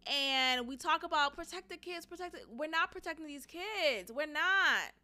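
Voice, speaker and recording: A woman's voice: high voice, expressive, moderate pace, pushed and bright. A woman hosting a podcast and talking bluntly, profanely and with frequent laughter in casual opinionated commentary. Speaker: podcast host; former teacher.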